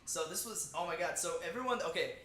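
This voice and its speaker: Animated man in an echoey room. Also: high-pitched, fast. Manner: animated, laughing, mimics lines and hums theme. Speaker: movie review co-host. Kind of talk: casual movie review chat.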